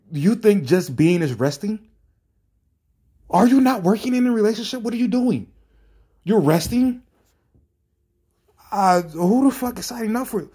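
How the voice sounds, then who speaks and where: A man with a husky, slightly raised voice tears into viewer comments. His talk is exasperated and sarcastic, and he swears freely as his rhetorical questions pile up. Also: high-pitched, warm tone. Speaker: commentary streamer. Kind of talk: reacting to comments.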